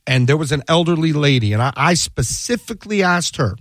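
A man's voice: on the high side, normal speed, few pauses, dry recording. A man who works as a defense attorney, telling a courtroom story in a casual chat and acting out the quoted dialogue. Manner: animated, acts out quoted dialogue.

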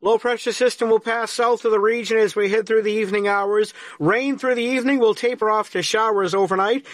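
High-voiced male radio weatherman. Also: fairly bright tone, no room sound. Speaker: weather forecaster.

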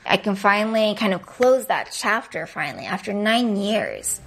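A woman's voice: medium pitch, sing-song, moderate pace, vocal fry, slightly rough, faint music behind. A woman in an interview recalling getting the news, quoting the dialogue with emotion. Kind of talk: interview recollection.

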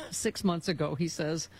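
A woman's voice: lowish voice, big pitch swings, slow pace, darkish tone, slight background noise. A woman hosting a talk radio show, chatting and joking with a laugh, and reading ads with gushing enthusiasm. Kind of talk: casual political talk radio chat.

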